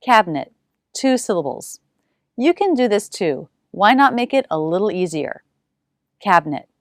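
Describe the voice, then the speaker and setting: A woman leads a pronunciation lesson, her voice pitched in a middle range. She repeats single sounds and words slowly with exaggerated care. The sound is dry and close, with no room around her. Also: big pitch swings, dry recording. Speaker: pronunciation teacher.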